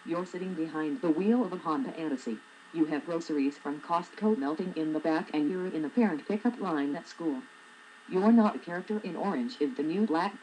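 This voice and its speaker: Wry low-voiced woman in her forties. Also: fairly quick, a little mellow, slight background noise, poor audio. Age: 40s. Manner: wry, sarcastic. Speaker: blogger. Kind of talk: reading her own humorous blog essay.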